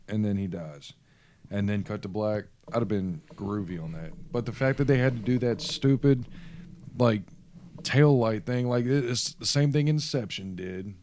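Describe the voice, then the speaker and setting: A man's voice: medium pitch, dark tone, slight background noise. A man co-hosting a podcast, giving his blunt opinions on a movie in casual chat. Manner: blunt, opinionated, laid-back. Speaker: podcast co-host. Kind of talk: casual film discussion.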